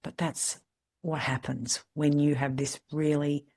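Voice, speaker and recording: A middle-aged woman with an Australian accent, a podcast host telling candid, lively stories in casual chat. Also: sits low, a little slow. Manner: lively, candid anecdotal storyteller. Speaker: podcast host, salon mentor.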